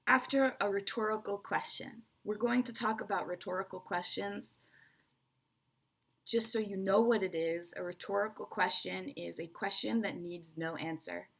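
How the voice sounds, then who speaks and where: A woman's voice: mid-range voice, normal speed, creaky, slightly rough. A woman teaching English presentation skills, explaining step by step and checking in with "right?" and "okay". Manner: explanatory, repeats key points with frequent "right?" and "okay". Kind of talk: online lesson explaining to viewers.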